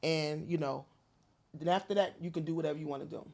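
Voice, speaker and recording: A woman's voice: deep voice, fairly even intonation, quick pace, darkish tone. A woman acting out a blunt, tough woman who runs a comedy show and talks brusquely.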